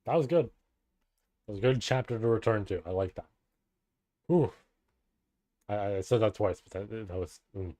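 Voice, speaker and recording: A man streaming a live read-through of a novel, reading passages and breaking off into casual, profane, excited reactions. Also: fairly low pitch, no room sound.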